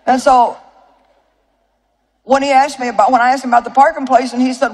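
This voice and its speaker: A woman's voice: sits high, a little fast, long pauses. Folksy older woman preaching to a crowd. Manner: folksy, animated storytelling with asides to the crowd. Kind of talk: sermon to a live audience. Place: large auditorium with audience.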